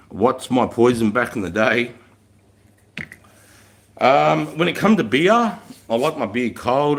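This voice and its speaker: A man's voice: medium pitch, expressive, slow, creaky, pauses often. A middle-aged man with an Australian accent, telling rambling stories in a frank, heavy-swearing casual chat on a live stream. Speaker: military veteran hosting a live stream.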